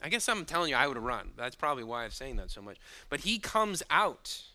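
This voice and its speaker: A man preaching a sermon, moving between quiet, hushed asides and sudden loud bursts, and chuckling now and then at his own points. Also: mid-range voice, very animated, a little fast. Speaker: pastor.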